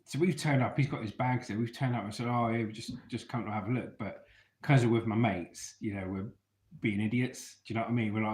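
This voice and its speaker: A man's voice: mid-range voice, a little fast. Man, casual storytelling, chatty, checks in with listeners, roomy echo. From England. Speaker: storyteller vlogger. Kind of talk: casual storytelling to an online audience.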